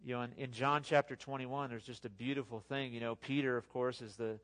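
A man giving a sermon as a pastor, talking to the congregation in a conversational, animated way with asides. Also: mid-range voice, a little fast.

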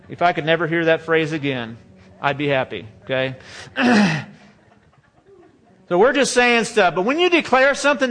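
A man's voice: high voice, a bit bright. A man pastor preaching a sermon in a church, conversational and joking, often restarting and repeating phrases into a microphone. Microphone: handheld or stage microphone.

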